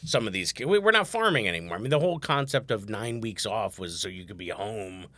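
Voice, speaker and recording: A man's voice: fairly low pitch, animated, fast, pushed and bright. A man hosting a casual podcast chat as a comedian, telling family stories and acting out the people in them. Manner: chatty storyteller, acts out family members in quotes. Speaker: comedian host.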